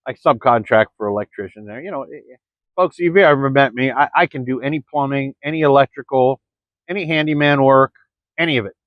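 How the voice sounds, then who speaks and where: Calling his viewers "folks," a Florida man rambles through an early-morning vlog, indoors or near the camera, and often stumbles over his words. His pitch is medium, his pace is fairly quick, and the lo-fi audio is dry and dull.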